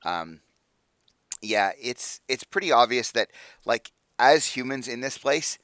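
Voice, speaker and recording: A man's voice: medium pitch, lively intonation, takes it slowly, a bit bright, dry recording. A man narrating as game master for a tabletop game, casual and full of fillers.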